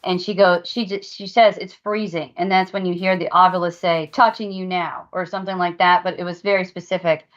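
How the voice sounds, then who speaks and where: A woman's voice: fairly low pitch, little pitch movement, fairly quick, few pauses, muffled recording. A woman co-hosting a paranormal podcast, earnestly recounting at length what spirits showed her. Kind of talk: casual podcast discussion.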